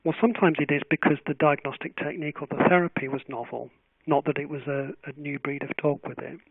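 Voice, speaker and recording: A man answers questions in a webinar as a journal editor. His voice sits a little high, and he is thoughtful and measured, restarting his phrases often. The audio is tinny, phone-like and dry. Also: fairly even intonation, gravelly, no echo.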